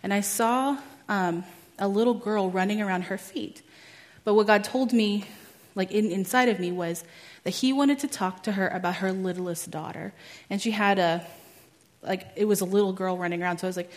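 A young woman shares a testimony at a church teaching. She talks casually, fills her sentences with "like" and laughs at herself, in a voice of ordinary pitch for a woman. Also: steady tone, brisk. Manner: chatty, many "like"s, laughs at herself. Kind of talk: personal testimony talk.

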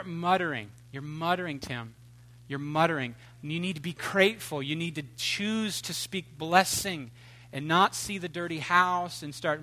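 A man preaching a sermon with a high, bright voice. He talks in an animated, humorous way, swinging between loud outbursts and quiet, hushed asides. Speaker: pastor.

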